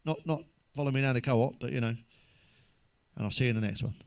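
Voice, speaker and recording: A man's voice: mid-range voice, moderate pace, darkish tone, clean tone. A middle-aged man telling blunt, sweary jokes in a rambling comic monologue, chuckling at his own punchlines. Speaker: stand-up comedian. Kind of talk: crude joke-telling monologue.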